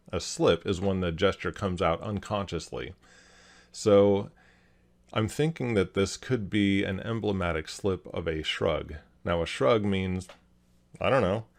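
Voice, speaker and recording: A man hosting a video, calmly analyzing a clip and explaining each point step by step. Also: sits low. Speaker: host, body language analyst.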